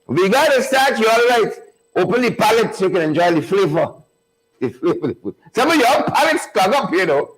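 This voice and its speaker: Hyped-up man, high voice. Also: very animated, brisk, poor audio. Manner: repetitive, hype-building, calls out viewers by name. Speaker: host of a live online commentary show. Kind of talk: energetic live-stream chat, greeting viewers.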